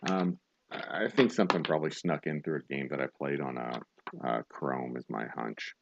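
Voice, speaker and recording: A man hosting a livestreamed bar trivia night, reading questions slowly and joking casually with some swearing. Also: a bass voice, gravelly, dull audio, background noise. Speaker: trivia host.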